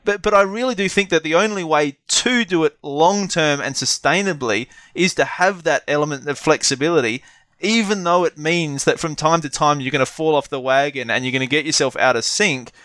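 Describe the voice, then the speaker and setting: A man's voice: fairly high pitch, brisk, a bit bright, dry recording. A man co-hosting a podcast in a casual, reflective chat, rambling a little and restarting his sentences. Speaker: podcast co-host.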